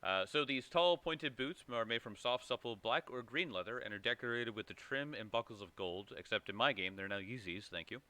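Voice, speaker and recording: A man narrates a tabletop game as its game master. His delivery is halting, with many fillers and repeated starts. His tone is bright and forward at a middle pitch. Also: animated.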